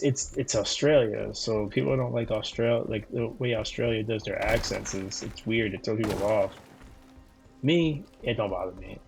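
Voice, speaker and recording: Low raspy-ish dude streaming a game, swears a lot, lots of "like", answers his chat. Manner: rambling, profane, full of "like" and restarts; talks back to viewers' chat messages. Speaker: gaming streamer. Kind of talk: casual livestream chat while playing. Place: living in Florida.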